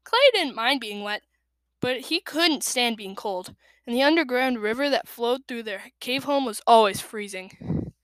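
Lady reading a kids book aloud, bright tone, lively, dry sound. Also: on the high side, measured pace, no room sound. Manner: lively expressive narration. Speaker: reader. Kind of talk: reading a children's novel aloud.

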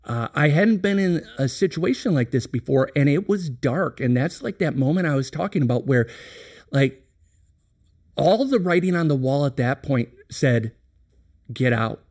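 A man's voice: a little high, expressive, normal speed, a little mellow. A middle-aged man talking candidly on a business podcast, telling a reflective, earnest story with many restarts. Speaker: company president, podcast guest.

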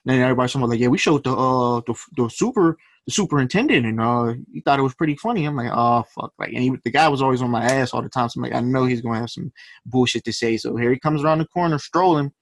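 A man's voice: mid-range voice, lively intonation, racing, few pauses, dry recording. Young guy rapping about his life story, super casual and slangy, swears a lot, dead dry sound. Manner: laid-back, profane, slangy storytelling. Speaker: guest, rapper. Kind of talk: casual interview chat.

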